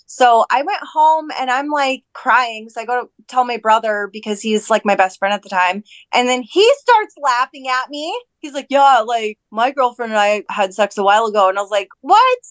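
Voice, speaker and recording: A woman in her thirties from North Dakota, a podcast guest telling a personal story in a chatty, animated way, full of "like" and quoted voices. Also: on the high side, normal speed, few pauses, no room sound. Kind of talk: casual storytelling.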